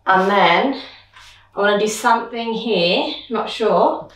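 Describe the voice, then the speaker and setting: A young woman dance teacher thinking aloud as she choreographs, counting beats with vocal sounds like boom and dum. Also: takes it slowly. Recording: roomy echo, mic at a distance.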